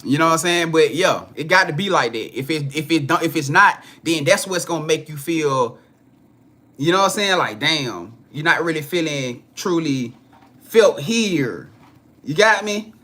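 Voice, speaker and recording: A man's voice: on the high side, animated, moderate pace, bright, forceful tone. A man giving a casual live-stream spiritual reading, talking straight to his viewers in a chatty, repetitive, profane way with frequent laughter. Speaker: spiritual card reader.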